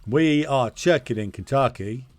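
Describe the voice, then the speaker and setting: Man imitating a slow, drawn-out American female voice. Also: mid-range voice, animated, no echo, faint music behind, lightly acted. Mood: mock-cheerful. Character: American woman text-to-speech voice, cheerful.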